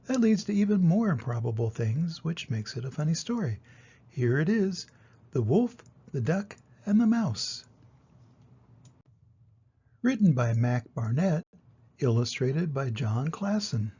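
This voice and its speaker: Slow, gravelly-voiced grandfather storyteller. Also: a little high, big pitch swings, dull audio. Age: older. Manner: gentle, explanatory. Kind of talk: reading a children's picture book aloud.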